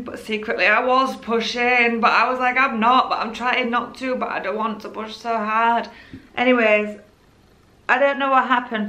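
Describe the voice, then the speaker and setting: A woman's voice: mid-range voice, bright, forceful tone. A young woman telling her own birth story in a candid, emotional, rambling way. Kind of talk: casual personal storytelling.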